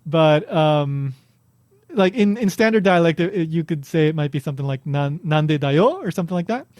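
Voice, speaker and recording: A man's voice: fairly high pitch, lively intonation, moderate pace, a little mellow, no echo, studio quality. A man hosting a podcast, chatting casually and explaining things with lots of restarts and fillers. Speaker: podcast host.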